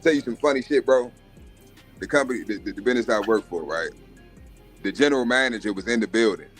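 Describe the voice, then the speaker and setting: A man's voice: mid-range voice, quick pace, slightly rough, soft background music. A man hosting a live stream, telling brash, profane stories about job interviews. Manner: brash, swaggering, profane, acts out other voices. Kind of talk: profane casual storytelling rant.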